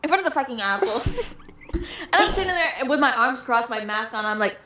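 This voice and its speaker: A woman's voice: sits high, animated, fairly quick, sharp tone, a little hiss or hum. A young woman in casual chat, telling a profane story and acting out what others said. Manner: profane, acts out quoted lines.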